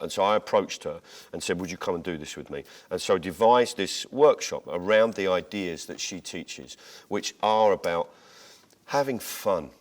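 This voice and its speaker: A man being interviewed as a comedian, telling jokes and stories in an animated way, restarting his sentences as he goes. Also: deep voice. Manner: animated, tangents and restarts while retelling jokes. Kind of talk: conversational interview storytelling.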